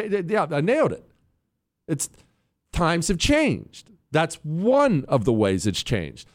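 A man hosting a talk radio show, delivering an emphatic, opinionated monologue and calling out to his producers. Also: a little high. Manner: animated, emphatic, addresses producers on air.

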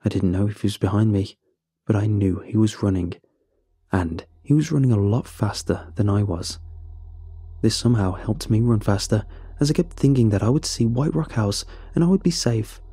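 A man narrating a first-person horror story in a steady, somber way. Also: lowish voice, moderate pace, slightly rough, no room sound.

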